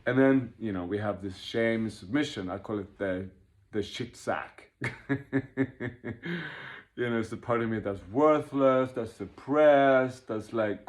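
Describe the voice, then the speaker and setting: A man leading a workshop, talking fast and animatedly, laughing at himself and acting out inner voices as he explains. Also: medium pitch. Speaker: workshop leader. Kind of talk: informal teaching talk.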